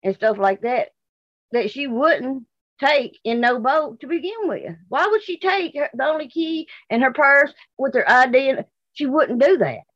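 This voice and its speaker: A woman's voice: high voice, animated, measured pace, dry recording, muffled recording. A woman with a Southern US accent from Mississippi, bluntly and indignantly recounting her daughter's disappearance in an interview, repeating herself. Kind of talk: emotional interview testimony.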